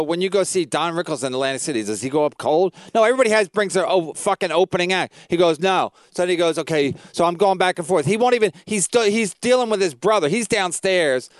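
Guy on a podcast ranting a story, cursing a lot, keeps saying "i go", smooth clear voice, dry sound. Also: high voice, no echo. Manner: profane, rambling, repeats "I go". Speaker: comedian telling a story. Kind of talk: casual podcast chat.

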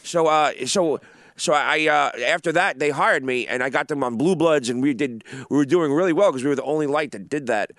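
A man in his forties, a guest telling his work story in halting speech with frequent restarts. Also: on the high side, fairly bright tone, no echo, studio quality. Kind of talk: casual storytelling.

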